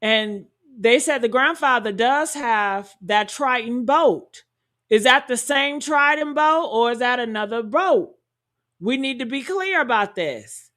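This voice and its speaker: A woman talks through a true-crime story in a high voice at an unhurried pace. She leans on rhetorical questions and speaks to her audience as honey and y'all. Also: lively intonation, fairly bright tone. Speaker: commentary host. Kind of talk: true-crime commentary to viewers.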